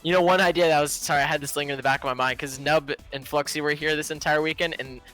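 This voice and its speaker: Bright-voiced male drone pilot. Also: a little high, rapid-fire, faint music behind. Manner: relaxed, easygoing, with frequent fillers. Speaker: drone racing pilot and co-commentator. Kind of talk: casual livestream commentary.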